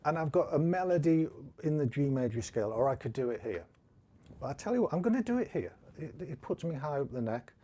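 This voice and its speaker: A man with a Teesside accent talks through a relaxed guitar lesson, thinking aloud as he goes. His voice is mellow and dark-toned at a middling pitch, and he comes across as chatty and self-deprecating. He is recorded on a close mic, with guitar playing behind him. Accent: Teesside English. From northeast England. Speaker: guitar teacher. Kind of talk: casual live-stream guitar lesson.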